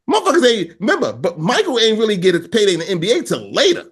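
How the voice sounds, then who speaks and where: A man co-hosting a podcast tells profane stories with a lively, swooping delivery. His voice sits high for a man, and he acts out the people he quotes. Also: quick pace, few pauses, breathy edge. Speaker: podcast co-host. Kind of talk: casual storytelling chat.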